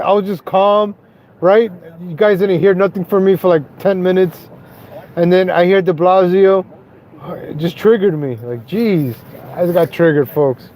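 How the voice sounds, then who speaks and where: A man with a high, mellow voice rants from the driver's seat during a live stream. He curses and mocks with loud scorn, then turns sheepish and apologizes to his viewers. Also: a little hiss or hum. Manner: profane, mocking, quick to rage then apologetic. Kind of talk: ranting live stream commentary. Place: inside a car, driving.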